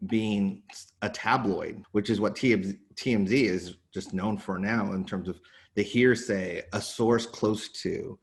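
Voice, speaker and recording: A man speaking as an interview guest, earnest and a little halting, with many restarts and fillers. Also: on the low side, slightly rough. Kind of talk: casual interview talk.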